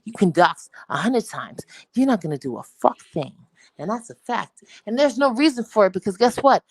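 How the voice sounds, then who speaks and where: A woman's voice: medium pitch, animated, moderate pace, no room sound, poor audio. A young woman from New York with a New York accent, talking brashly and profanely in rambling casual livestream chat. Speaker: livestream guest.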